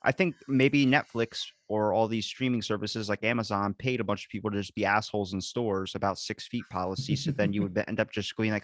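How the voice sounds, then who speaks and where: A man's voice: lowish voice, steady tone, a little fast, few pauses, no echo. A man hosting a podcast in casual chat, swearing freely and telling stories with animation. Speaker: podcast host.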